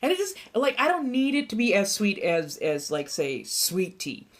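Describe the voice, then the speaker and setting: A woman's voice: mid-range voice, moderate pace. Chatty Southern-tinged American woman streamer. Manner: animated, laughing, reacting to chat. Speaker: livestream host. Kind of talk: casual livestream chat.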